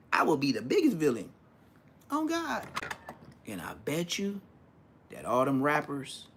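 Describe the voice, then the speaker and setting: A man in his forties telling street stories in a casual, animated way, full of profane slang. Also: medium pitch, slight background noise. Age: 40s. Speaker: vlogger. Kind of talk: casual storytelling.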